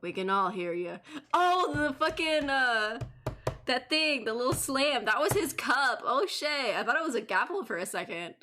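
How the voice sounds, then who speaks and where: Young female streamer, giggly, swears, high lively voice. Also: moderate pace, background noise. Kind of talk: casual gameplay commentary.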